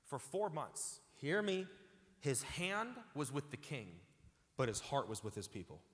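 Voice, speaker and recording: A man's voice: mid-range voice, big pitch swings, a little slow. A man preaching a sermon as pastor, emphatic and repeating phrases as he calls out to the congregation. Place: large church auditorium. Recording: hall reverb from a large church.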